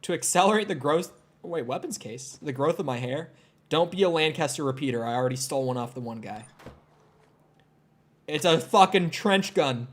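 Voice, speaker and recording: A young Minnesota gamer speaks at normal speed in an expressive, slightly high voice. Streaming a video game, he rambles casually, swears often, and drops "like" into the pauses, all in his Minnesota accent.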